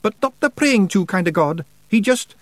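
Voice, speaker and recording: Casting: male narrator as a wee fairy clansman explaining, high brogue, dry sound. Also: lively intonation, moderate pace, no echo.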